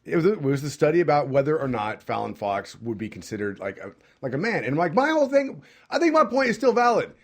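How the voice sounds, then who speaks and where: A man's voice: fairly high pitch, sing-song, fast. A man co-hosting a casual podcast, blunt and emphatic, swearing freely as he argues his point. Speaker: podcast co-host. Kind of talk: casual chat.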